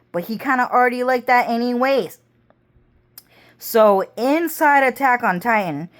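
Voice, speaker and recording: A woman talking in a slow, unhurried monologue that wanders from thought to thought. Her speech is laced with swearing and long drawn-out phrases. Her pitch sits in a middle range. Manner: rambling, heavy profanity, drawn-out. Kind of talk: rambling casual monologue.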